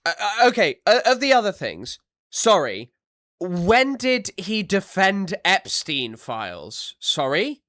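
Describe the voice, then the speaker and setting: A man streaming live, reacting bluntly to news clips, often halting them to argue and circling back with fillers and repeats. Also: high-pitched, wildly swooping pitch, pushed and bright. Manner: filler-heavy, repeats himself. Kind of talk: casual live-stream commentary.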